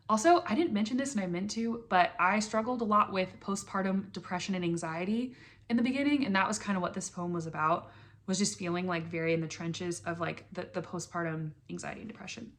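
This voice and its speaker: A woman's voice: mid-range voice, fairly bright tone. Earnest young woman sharing candidly. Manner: earnest, emotional, many fillers and laughs. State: emotional, near tears. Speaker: vlogger. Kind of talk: casual personal vlog with poetry reading.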